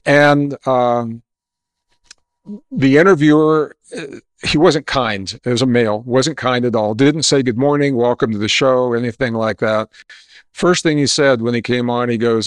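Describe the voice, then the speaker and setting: A man, a geologist guest in an interview, telling anecdotes and explaining ideas in an emphatic, animated way. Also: mid-range voice, unhurried, dry recording, studio quality. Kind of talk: storytelling interview answers.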